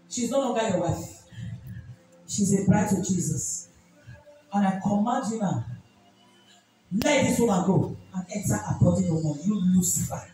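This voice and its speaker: A woman pastor with a Nigerian accent leads a deliverance ministration, issuing rebuking commands again and again. Her voice is medium-pitched and warm. The recording sounds distant, in an echoey church hall with music playing.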